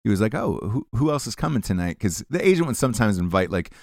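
A man's voice: fairly low pitch, big pitch swings, fast, gravelly, a little mellow, no echo, studio quality. A man hosting a podcast, reading ads and telling stories in a profane, rambling casual chat. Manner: profane, rambling, restarts often. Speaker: podcast host.

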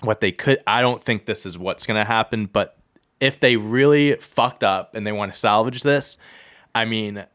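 A man co-hosting a podcast, talking through wrestling storylines in casual chat and getting heated as he goes. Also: moderate pace. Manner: animated, heated rants that climb in pitch. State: out of breath. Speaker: podcast co-host.

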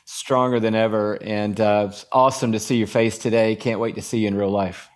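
A man's voice: on the low side, little pitch movement. Emphatic middle-aged preaching man. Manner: emphatic, slows down for key points. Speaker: guest pastor and author. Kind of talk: preaching in conversation.

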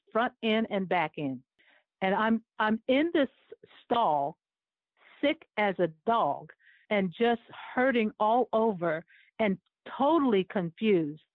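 A woman in her seventies recounts a personal story with vivid, emotional storytelling and frequent laughter, her voice at a middle pitch. The sound is tinny and phone-like, with a dry, close feel. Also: no room sound. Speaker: former Olympic runner and sports chaplain, interview guest.

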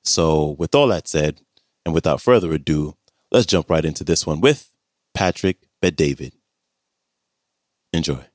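A man with a very deep voice opens a show with a slow, measured scripted introduction to his guest. The sound is close and dry, with no room echo. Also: animated, a little mellow. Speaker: podcast host introducing a guest.

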